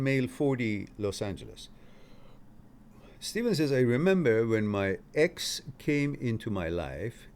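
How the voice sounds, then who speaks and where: A livestream host reads his viewers' chat comments aloud and answers them in a loose, chatty way, laughing easily. His voice is mid-range with a darkish tone, and there's slight background noise.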